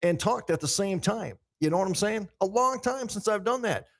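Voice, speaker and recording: A man's voice: high-pitched, lively intonation, moderate pace. A man hosting a podcast, chatting loosely and profanely to himself and his listeners while he sets up a live show in a big echoey room. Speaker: podcast host. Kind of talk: casual pre-show chat.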